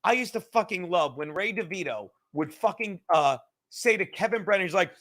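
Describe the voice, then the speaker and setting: A man's voice: high-pitched, expressive, fairly quick, a bit bright. A young man hosting a casual podcast, rambling and swearing constantly while fiddling with his laptop and a cigar. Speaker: show host. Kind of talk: casual profane podcast rant.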